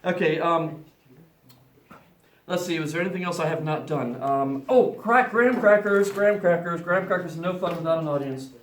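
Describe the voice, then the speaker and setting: A man's voice: a little high, brisk, echoey room, slight background noise. A man teaching a class, playfully explaining each step of a science demonstration to students.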